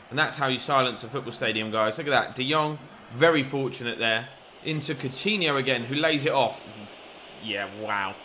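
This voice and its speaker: A man commentating on his own football video game match, excitable and quick to shout at the referee. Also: medium pitch, a little hiss or hum. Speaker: gaming YouTuber.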